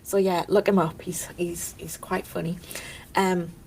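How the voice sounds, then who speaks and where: A woman tells a story in a loose, digressive way. Her voice is fairly low with a gravelly, crackly edge. She laughs now and then and keeps it casual. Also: little pitch movement, a little slow, darkish tone. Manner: chatty, digressive, laughs often. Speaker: vlogger. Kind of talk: casual rambling monologue.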